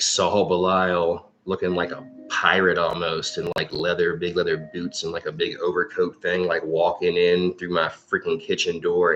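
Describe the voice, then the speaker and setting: Low-voiced rambling man, casual storyteller. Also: fairly bright tone, highs cut off, slight background noise. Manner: rambling, heavy swearing, many fillers. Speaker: psychic livestream host. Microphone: livestream microphone.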